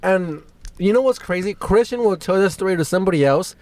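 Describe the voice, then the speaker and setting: A man's voice: high-pitched, lively intonation, fairly quick, darkish tone, no room sound. A man co-hosting a podcast in casual chat, swearing and reacting with disbelief. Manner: swearing, incredulous reactions, says "dude". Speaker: podcast co-host.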